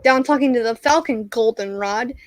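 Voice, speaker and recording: A woman's voice: on the high side, moderate pace, no room sound, natural voice, poor audio. A woman doing a cocky teasing pilot. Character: cocky male starship pilot teasing a droid.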